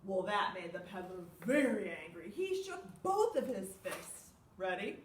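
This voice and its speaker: A woman's voice: fairly high pitch, normal speed, few pauses, a little hiss or hum. A woman leading a children's storytime, reading aloud with gasps and questions to her young listeners. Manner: animated, with gasps and questions to kids. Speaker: children's librarian. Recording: echoey room, far from mic.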